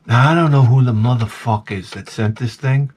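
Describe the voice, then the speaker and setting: An older man hosting a vlog, telling a comic story in an animated, profane way and acting out his own reactions. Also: medium pitch, a little fast, a little hiss or hum. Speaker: vlog host.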